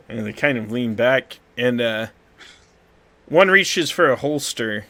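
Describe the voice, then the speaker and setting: A man narrating a tabletop role-playing game as game master, in a relaxed, loose way. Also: medium pitch, takes it slowly, dry recording.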